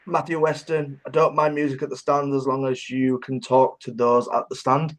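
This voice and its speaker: A man's voice: medium pitch, little pitch movement, moderate pace. A man co-hosting a casual podcast, laddish and sweary, often laughing. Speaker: podcast co-host. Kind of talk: casual chat.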